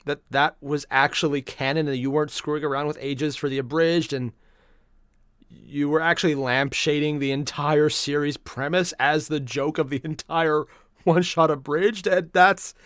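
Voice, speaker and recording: A man's voice: a little high, steady tone, normal speed, fairly bright tone, clean tone, no room sound, studio quality. A man hosting a casual reaction video, rambling and repeating himself as he talks through his thoughts.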